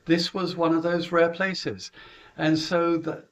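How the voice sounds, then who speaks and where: A man's voice: fairly high pitch, level tone, slow. A middle-aged British man, a golf coach, chattily recounting how he runs his junior lessons, with chuckles and filler words. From Britain.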